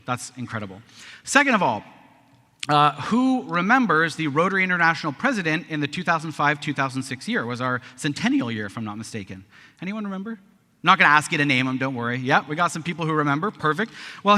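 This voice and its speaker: Guy in his 30s, bright tense voice, kinda high, talking to a crowd in a big echoey hall. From Canada. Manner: conversational, often adds a tag question. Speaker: conference speaker. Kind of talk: speech to a live audience. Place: large conference hall.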